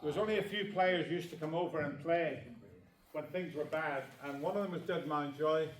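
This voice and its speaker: A man's voice: a little high, normal speed, slight background noise. Joking Northern Irish man in echoey hall. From Northern Ireland. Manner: joking, chatty storyteller who laughs often. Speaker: snooker trick shot exhibitor. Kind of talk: live exhibition banter with the audience. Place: large echoey snooker hall with an audience. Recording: echoey hall, distant mic, crowd.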